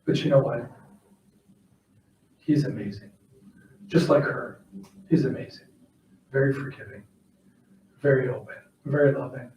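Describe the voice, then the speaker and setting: A man's voice: mid-range voice, a little slow, long pauses, darkish tone, distant mic, a little hiss or hum. Heartfelt man giving a eulogy, echoey room. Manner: plain storytelling, heartfelt. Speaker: eulogist at a funeral. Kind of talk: personal eulogy and prayer. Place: funeral home chapel.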